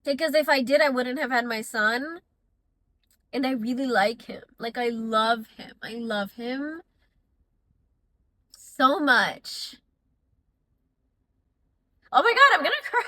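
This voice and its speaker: A woman's voice: sits high, lively intonation, slow, pauses often, sharp tone, dry recording. A young woman vlogging candidly about motherhood, chatty and emotional, close to tears at times and laughing at others. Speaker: mom vlogger. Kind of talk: candid confessional vlog.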